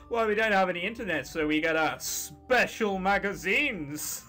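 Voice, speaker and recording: A woman doing casual game commentary, full of sarcasm and swearing. Her pitch swings widely as she talks, and faint music plays behind her. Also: sing-song, slow, a bit bright. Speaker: let's-play host.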